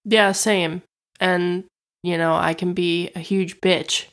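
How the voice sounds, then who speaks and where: A woman's voice: on the low side, flat delivery, slow pace, a bit bright. A woman co-hosting a casual podcast chat, frank and swearing, laughing often. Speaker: podcast co-host.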